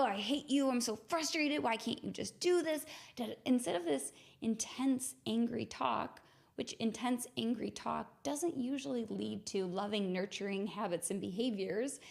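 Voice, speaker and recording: Gravelly-voiced woman telling her story. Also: mid-range voice, darkish tone. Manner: earnest, slows down to stress words. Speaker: podcast host. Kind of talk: reflective personal storytelling.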